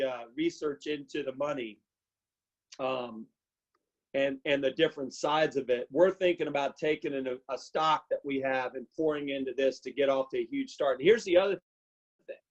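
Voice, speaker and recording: Emotional man on a muffled video call. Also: fairly high pitch. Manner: halting, repeats words, choked up. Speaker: testimony speaker.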